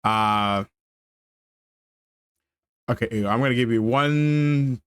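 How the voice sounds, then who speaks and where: A man streaming a game, chatting casually and ranting in a stammering, animated way. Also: mid-range voice, extremely slow, clean tone, no echo.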